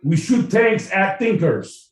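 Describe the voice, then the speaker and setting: A man's voice: high voice, slow pace, pitched above the performer's own voice. A man putting on a gloomy mock-Russian grumbler. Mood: deadpan. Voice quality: deadpan, broken grammar. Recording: echoey room, mic at a distance.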